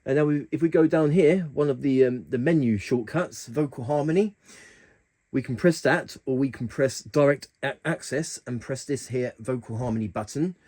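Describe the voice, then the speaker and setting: A man's voice: medium pitch, moderate pace, dark tone. A man hosting a keyboard tutorial, talking casually through the settings with plenty of fillers and restarts. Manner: chatty, hesitant with fillers and restarts.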